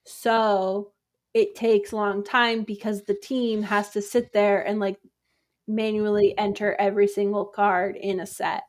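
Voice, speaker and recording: A woman's voice: mid-range voice, flat delivery, measured pace. A woman co-hosting a casual podcast, talking in a chatty way with lots of fillers. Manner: chatty, uses many fillers like "like" and "um". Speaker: podcast co-host. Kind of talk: casual chat.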